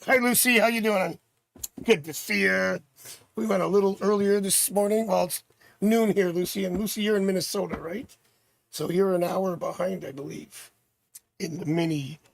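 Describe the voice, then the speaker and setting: A man from Canada hosting a live tarot stream, chatting with viewers and thinking out loud as he reads cards. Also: high voice, creaky, no room sound. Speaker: tarot reader and livestream host.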